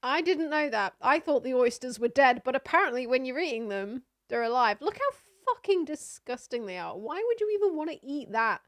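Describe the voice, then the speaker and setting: Young woman, streamer, casual reaction chat, high voice, laughs a lot. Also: big pitch swings, a little fast, few pauses. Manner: laughs often, loud disgusted exclamations.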